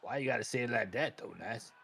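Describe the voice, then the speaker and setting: A man's voice: medium pitch, fast talker, creaky, a loud crowd. A man commentating wrestling in slangy, hyped banter, backing his favorite. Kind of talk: casual play-by-play banter.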